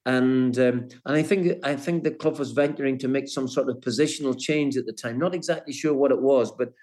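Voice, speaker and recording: An older man, a former footballer, appears as an interview guest, speaking at an even middle pitch. His storytelling is halting, full of repeated words and restarted sentences.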